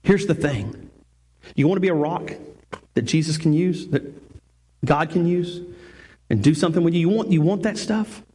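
A man's voice: a little high, moderate pace, long pauses, dark tone, husky. A male pastor preaching a sermon, emphatic, repeating key phrases and restarting sentences.

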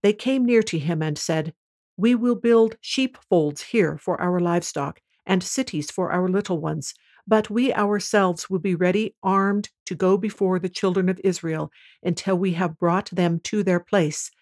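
A woman host reading scripture aloud at a measured, even pace. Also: on the low side.

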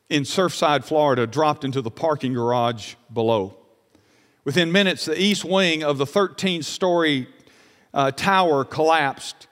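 High-voiced preacher with lilt, echoing hall. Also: male voice. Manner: swings from loud preaching to quiet storytelling. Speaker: pastor. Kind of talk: sermon. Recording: long reverb of a large hall.

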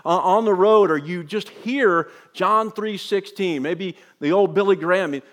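Man, pastor, sermon, reads scripture with emphatic asides, slightly high pitch. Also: a little slow.

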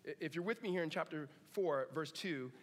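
A man's voice: fairly high pitch, brisk. Casual preaching man in a reverberant hall. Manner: casual, joking asides, animated. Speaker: pastor. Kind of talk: sermon.

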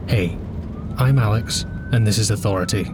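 An actor playing a frustrated young podcaster, exasperated and sarcastic with deadpan asides. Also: male voice, lowish voice, normal speed, heavy background noise, natural voice. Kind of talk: comedy sketch acting.

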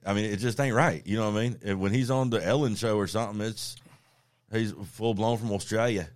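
Joking Southern man with a low voice. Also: fairly even intonation, fairly quick, dry recording. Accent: Southern US (Georgia). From Georgia, US. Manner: drawling, joking, profane. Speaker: podcast host. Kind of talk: casual podcast chat.

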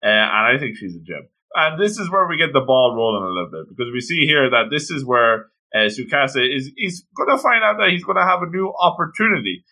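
A man's voice: mid-range voice, big pitch swings, brisk, few pauses, bright, forceful tone. A man chatting casually about an anime, speaking as an eager fan who exclaims often. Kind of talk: casual chat discussing an anime.

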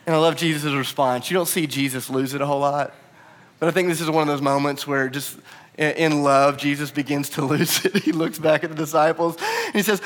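A pastor delivers a sermon in a fairly high-pitched man's voice. He preaches with animation, acting out the quoted lines and raising his voice for them. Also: a little fast, a bit bright. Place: bar used as church venue.

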